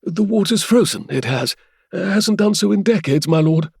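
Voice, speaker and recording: Male narrator voicing nervous young butler: high, stammering, excitable, audiobook. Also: moderate pace, gravelly, slightly rough, dry recording, clean studio sound, exaggerated voice. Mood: excited.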